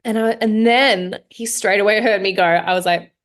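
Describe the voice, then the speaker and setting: Young woman host, solo podcast chat; animated, self-questioning storyteller, medium pitch. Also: a little fast, hardly any pauses. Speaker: podcast host, nutrition coach.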